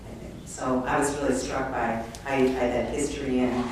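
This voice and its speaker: A woman on a panel reflects on the talk, thinking aloud. Her delivery stays even, with little rise and fall. She sounds far from the mic in a heavily echoing room. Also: rumbling low, fairly quick. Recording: echoey room from far off, faint noise.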